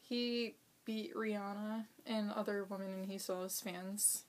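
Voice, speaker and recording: A young woman, co-hosting a casual reaction chat and giving calm, short agreeing replies. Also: medium pitch, unhurried.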